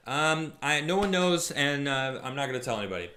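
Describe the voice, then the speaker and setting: Chatty male live-stream host. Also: mid-range voice. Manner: chatty, animated, quick mood swings from jokey to somber. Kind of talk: casual live-stream chat.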